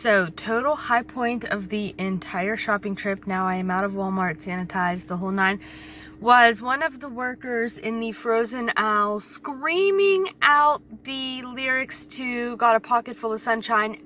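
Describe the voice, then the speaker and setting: Casting: bright-voiced woman, 30s, rambling casual vlogger talking into a handheld phone. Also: fairly high pitch, moderate pace. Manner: chatty, rambling with many "like"s. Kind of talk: casual vlog chat. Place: out and about, in stores and car.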